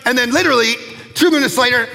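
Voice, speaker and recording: A pastor in his thirties or forties preaching a lively sermon, telling self-mocking stories and acting out other people's voices. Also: extremely high pitch, fast, creaky. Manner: animated, self-mocking storytelling; acts out quoted voices. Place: church auditorium. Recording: long hall reverb with faint music.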